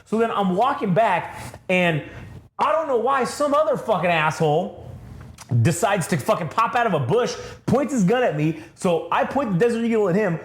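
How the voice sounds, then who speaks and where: A man with a high voice spins a long, rambling story in casual podcast chat. He swears freely and keeps breaking into laughter. His voice echoes around a bare room. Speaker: podcast co-host.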